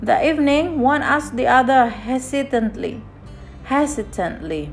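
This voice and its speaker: High, slow mother reading. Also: lively intonation, vocal fry, faint music behind. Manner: reads slowly, stops to explain to the child. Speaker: parent reading to a child. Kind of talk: reading a picture book aloud.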